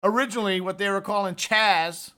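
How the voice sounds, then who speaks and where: A man with a high, bright, forceful voice rants through political commentary. He sounds fired up and talks casually, straight to his listeners, like he's calling out to a buddy. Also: fairly even intonation, brisk, smooth. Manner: fired-up, ranting delivery; conversational, addresses listeners directly with "man".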